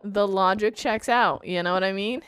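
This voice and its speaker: A live streamer chats casually while gaming, speaking into a desk microphone with a laid-back drawl and a stuffy nose and frequently saying "bruh". Her voice is mid-range, at normal speed, with a fairly bright, clean tone.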